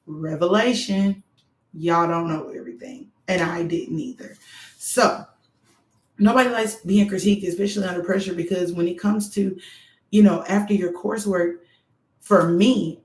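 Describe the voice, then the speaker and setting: Animated frank woman in echoey room. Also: mid-range voice. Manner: animated, frank, talks straight to viewers. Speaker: doctoral student vlogger. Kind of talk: candid advice monologue.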